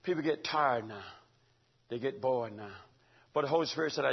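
A man preaching a fervent, rhythmic sermon, rising to shouts, recorded in dull lo-fi sound. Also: medium pitch, moderate pace, long pauses, breathy edge.

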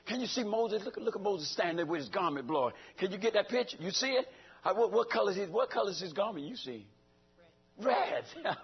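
A man's voice: sits high, dull audio. An older man preaching a sermon, hollering and calling out to the congregation with laughing asides. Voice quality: raspy.

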